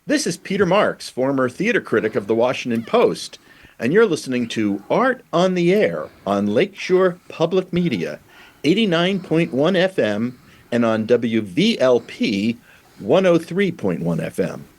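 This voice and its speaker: A man delivers a station ID with a lively, sweeping delivery that rises and falls a lot. His voice sits in a middle register and carries a husky grain. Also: medium pitch, measured pace. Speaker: station announcer. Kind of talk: recorded station ID.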